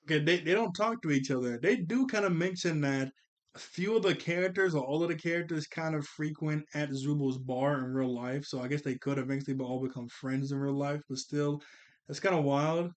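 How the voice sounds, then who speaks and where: A man's voice: a little high, a little fast. A man giving a casual spoken review of a cartoon, rambling with many fillers and restarts.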